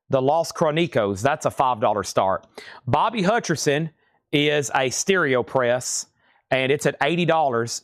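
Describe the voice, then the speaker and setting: A man's voice: on the high side, fairly bright tone, no echo, studio quality. A man hosting a live record sale, rattling off prices and catalog numbers while he has the hiccups. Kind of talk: live-stream auction selling.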